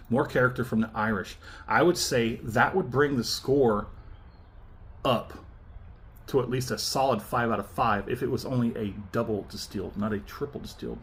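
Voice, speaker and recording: A man with a mid-pitched voice hosts his own whiskey review in a casual, talkative way. He sounds animated and often breaks into laughter between thoughts. Faint ambient noise sits behind him. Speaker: whiskey reviewer and channel host.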